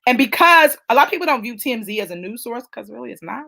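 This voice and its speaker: A woman's voice: a little high, lively intonation, fast talker, vocal fry, sharp tone. A middle-aged woman hosting a casual live chat, talking emphatically and reading out viewer comments. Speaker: host of a live chat show.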